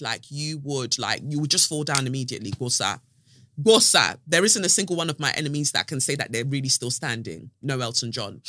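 A young woman hosts her podcast in a fiery, sarcastic monologue. Her voice is bright and forceful, with a slightly low pitch, and it sounds close and dry with no room around it. She shifts from loud bursts to low mutters. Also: no echo. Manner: passionate, sarcastic, swings between loud outbursts and low mutters. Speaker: podcast host. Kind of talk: casual opinionated monologue.

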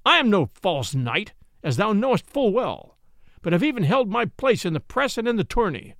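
A proud knight brought low, read by a man who voices him, speaking in solemn, archaic phrases. His voice sits high and moves a lot, with a gravelly edge, recorded close and dry. It sounds like a classic storybook reading. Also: very animated, moderate pace, fairly bright tone, no echo, heavily acted. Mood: stern. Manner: solemn, pleading then stern. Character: proud wronged knight, older man, stern.

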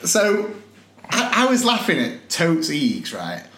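A man's voice: a little high, wildly swooping pitch, slow, a bit bright. A young man co-hosting a podcast, chatting casually and laughing often as he tells a story. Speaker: podcast co-host. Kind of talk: casual banter. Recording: echoey room.

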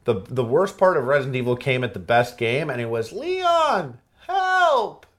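A man hosting a casual podcast chat who reads game quotes aloud with quick impressions and laughs often. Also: medium pitch. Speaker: podcast host.

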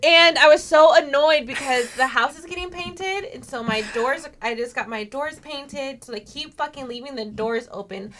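High-voiced woman telling a story. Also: normal speed, hardly any pauses. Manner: animated, swears a lot, comic storytelling. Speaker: podcast co-host. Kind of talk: casual chat.

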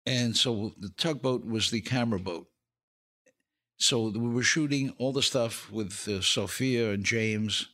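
A sharp-toned, fairly low male voice speaks a little slowly as an older actor and comedian tells show-business anecdotes on a podcast. He laughs through his punchlines in a casual way.

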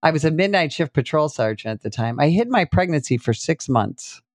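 A middle-aged woman, a police sergeant telling stories as an interview guest, animated and full of fillers. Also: low voice, a little fast, dry recording. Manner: animated storyteller, many fillers, acts out quotes. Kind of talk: casual storytelling interview.

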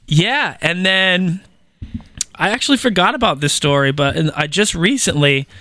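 Bright, crisp man telling a wild story. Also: high-pitched, moderate pace, no room sound. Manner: animated, swearing, slangy, many fillers and restarts. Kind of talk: casual storytelling in conversation.

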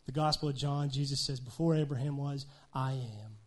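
A man preaching a sermon in a conversational style, often checking in with "right?" and swinging between loud emphasis and quiet asides. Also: medium pitch, moderate pace. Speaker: pastor.

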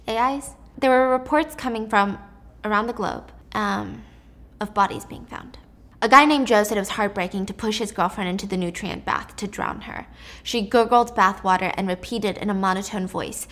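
A woman telling a dark story in a casual spoken way, with chatty asides to the listener. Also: medium pitch.

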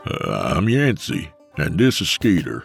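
A relaxed, wisecracking male hunter, voiced by a male audiobook narrator. He sounds friendly and a little cocky. His voice stays close to the deep narration, with music faint underneath. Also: measured pace, creaky, breathy edge, full character voice. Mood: easygoing. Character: easygoing joking male hunter, young adult.

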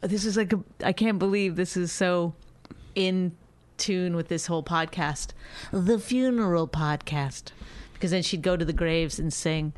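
A woman co-hosting a podcast, teasing her husband in casual banter and mocking him with quick impressions. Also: on the low side. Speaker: podcast co-host. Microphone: studio microphone.

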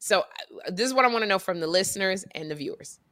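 A woman co-hosting a casual podcast chat, talkative and animated, often repeating and restarting her sentences. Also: medium pitch, quick pace, no echo, studio quality. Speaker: podcast co-host.

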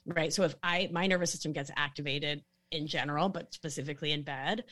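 A woman speaking calmly as a podcast guest, explaining with a gentle, sing-song inflection. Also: sits low, a little fast, few pauses. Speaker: guest expert on sex and the nervous system. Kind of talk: casual podcast chat.

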